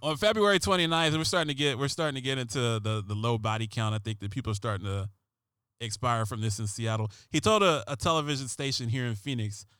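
Man, radio host, sarcastic ranting, rambling, repeats words, middling pitch, dry close mic. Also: fast, smooth, no room sound, faint music behind. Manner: rambling and sarcastic, repeats and restarts words, jumps louder and higher on punchlines. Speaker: radio talk show host. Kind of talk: comedic political rant.

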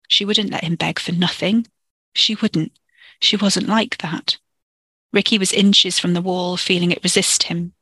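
A storyteller reading a dark fiction chapter in a steady, measured way into a close microphone. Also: mid-range voice, husky, no room sound. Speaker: podcast storyteller. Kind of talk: audiobook-style fiction narration.

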